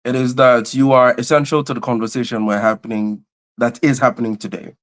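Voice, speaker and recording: A man's voice: medium pitch, fairly even intonation, a little fast. A man hosting a livestream, greeting viewers by name and repeating his phrases with lots of energy. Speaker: host and convener of a livestream. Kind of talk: livestream opening chat.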